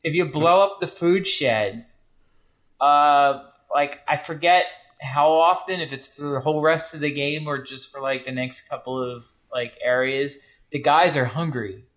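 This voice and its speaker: A man's voice: fairly high pitch, unhurried, fairly bright tone, rough recording. A man co-hosting a casual podcast, rambling through his thoughts with lots of "like" and "uh". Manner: rambling, many "like" and "uh" fillers. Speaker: podcast co-host. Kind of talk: casual chat about a video game.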